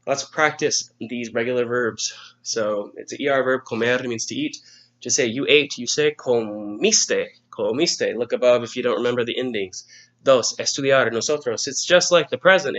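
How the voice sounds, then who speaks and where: A man's voice: mid-range voice, normal speed, fairly bright tone, dull audio. A male Spanish teacher patiently walking students through an exam review lesson, step by step.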